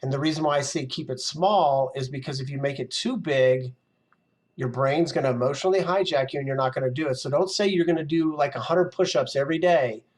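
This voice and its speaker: A man coaching in a casual, animated motivational talk, now and then acting out his own inner voice. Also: mid-range voice, a little fast. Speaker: success mindset coach.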